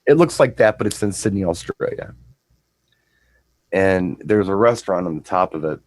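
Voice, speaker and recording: A man's voice: deep voice, expressive, moderate pace, a little mellow, dry recording, low-quality recording. A middle-aged man and co-host, chatting casually and telling a rambling anecdote, often repeating words as he restarts. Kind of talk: casual chat, storytelling.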